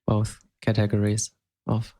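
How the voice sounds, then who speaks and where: A man's voice: lowish voice, completely flat delivery, measured pace, mellow. A man from Europe co-hosting a podcast, chatting casually, hesitant and laughing often. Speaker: podcast co-host. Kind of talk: casual chat.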